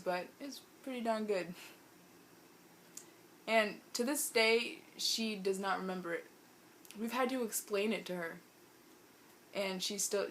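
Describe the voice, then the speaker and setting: A woman vlogger telling a funny story in an animated, amused way. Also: a little high, a little hiss or hum. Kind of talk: storytime vlog.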